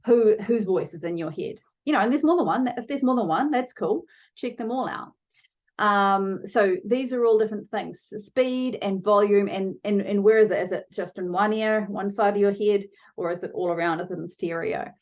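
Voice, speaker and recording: A woman's voice: mid-range voice, a little mellow, highs cut off. A woman coaching viewers in a motivational video lesson, talking to them directly and shifting her pace for emphasis. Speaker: online challenge coach.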